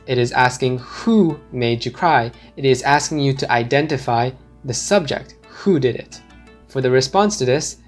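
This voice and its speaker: A man teaching a language lesson, explaining slowly and deliberately and repeating his example phrases. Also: mid-range voice.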